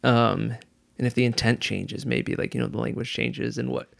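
Male co-host, gravelly fry, loose rambling chat. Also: mid-range voice, steady tone, moderate pace, dry recording. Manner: rambling, heavy on "like" and "you know". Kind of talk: casual chat about comedy.

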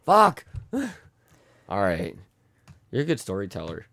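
A man co-hosting a podcast in casual chat, excitable and quick to swear. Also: fairly low pitch, vocal fry, dry recording. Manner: excitable, swears often, laughs a lot. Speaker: podcast co-host.

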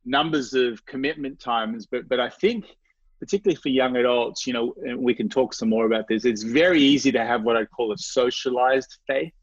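A man's voice: medium pitch, brisk, breathy edge, no echo. A man as an interview guest telling a personal faith story, earnest and reflective, often restarting and repeating his words. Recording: dry, slightly dull recording.

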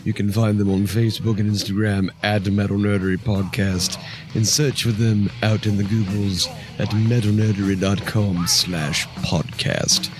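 A man playing a formal, polite show announcer with a lower voice, guitar behind. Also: steady tone, normal speed, natural voice. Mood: announcing. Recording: announcement over guitar music. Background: guitar music.

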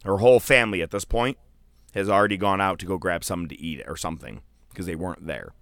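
Man, low voice, animated, profane, ranting, dry close mic. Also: quick pace, no echo. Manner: profane, animated, acts out quotes. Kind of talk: casual storytelling rant.

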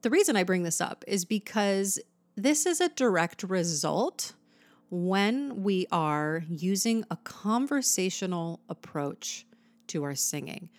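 Low-voiced woman explaining singing technique. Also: lively intonation, takes it slowly, no room sound. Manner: patient, explanatory, rhetorical questions. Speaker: singing teacher. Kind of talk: explaining vocal technique to viewers.

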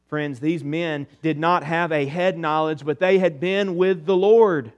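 A man preaching a sermon as pastor, asking rhetorical questions and dropping soft on key words. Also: on the high side, steady tone, a little slow, hardly any pauses, dull audio.

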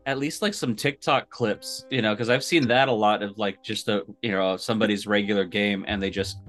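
Low-voiced, easygoing man co-host. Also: fairly even intonation, brisk, a bit bright, soft background music. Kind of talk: casual chat.

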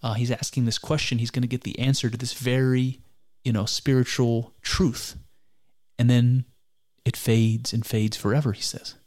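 Man, middle pitch, reflective commentary; earnest, musing, halting delivery. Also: level tone, darkish tone. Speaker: speaker discussing mysticism. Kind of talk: reflective spoken commentary on a text.

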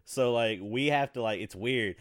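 A man in his thirties chatting casually, telling rambling profane stories with bursts of loud laughter. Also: medium pitch, normal speed, no echo, clean studio sound. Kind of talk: casual chat.

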